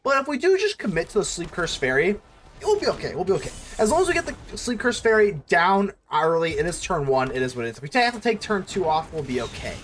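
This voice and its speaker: Lively, self-scolding card game streamer. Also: medium pitch, fast, slight background noise. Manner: thinks aloud, scolds self, nervous fretting. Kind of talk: casual gameplay commentary.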